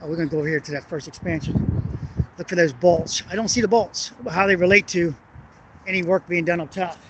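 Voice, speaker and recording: High-voiced man explaining, outdoors in traffic noise. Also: steady tone, brisk. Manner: rambling, hesitant, swears when annoyed. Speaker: construction engineering vlogger. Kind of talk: walking on-site explanation. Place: outdoors on a city bridge at night. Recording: noisy outdoor wind and traffic.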